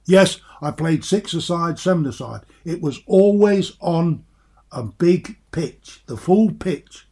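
An older man reminisces about his playing days. His voice is husky and mellow, pitched a little high for a man. He talks animatedly and repeats words as he warms to each story. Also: lively intonation, slow pace. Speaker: former footballer guest. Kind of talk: casual reminiscing chat.

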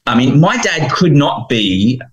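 A man speaking as a guest in an interview, heartfelt and earnest, animated when he retells scenes. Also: medium pitch, a little slow, highs cut off. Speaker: guest, founder of a fathers' ministry.

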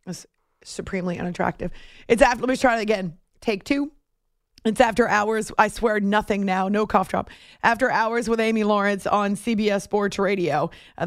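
A woman's voice: mid-range voice, dry recording, studio quality. A woman hosting a sports radio show late at night. She talks in a chatty, self-deprecating way and laughs easily. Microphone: studio microphone.

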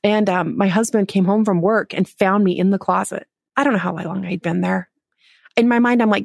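A woman's voice: medium pitch, steady tone, normal speed, vocal fry, dry recording, studio quality. A woman speaking as a podcast guest, telling a personal story frankly, mocking herself and laughing often. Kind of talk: candid interview storytelling.

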